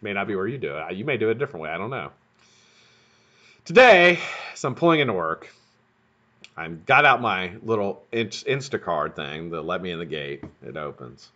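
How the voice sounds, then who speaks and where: A man's voice: sits low, big pitch swings, normal speed, bright, forceful tone. A man hosting a live stream, telling a rambling, profane story in a casual way. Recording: dull lo-fi stream audio.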